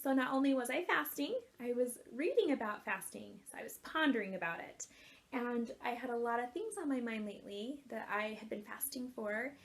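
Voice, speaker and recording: A woman in her thirties, an author and life coach, telling a personal story in an earnest, animated way and laughing often. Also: on the high side, brisk.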